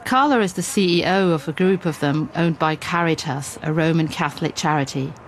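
Low-voiced woman presenting a radio documentary. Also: fairly quick, slight background noise. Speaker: reporter and presenter. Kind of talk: scripted radio documentary narration.

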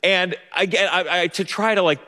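A man's voice: high voice, steady tone, normal speed, pushed and bright, big-room sound. A young man telling a funny personal story on stage, stammering through restarts and laughing at himself. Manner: stammering restarts, self-mocking, often laughing. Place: theater stage.

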